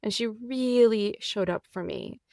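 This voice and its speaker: A woman hosting her own podcast, telling a personal story candidly, animated and laughing often as she acts out the people in it. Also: medium pitch, unhurried, creaky, no room sound, studio quality. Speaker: podcast host.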